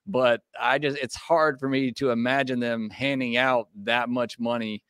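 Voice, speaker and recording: A man's voice: mid-range voice, steady tone, unhurried, a bit bright, smooth, no room sound, clean studio sound. A man hosting a sports podcast, talking casually and hedging with fillers as he weighs options. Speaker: podcast host.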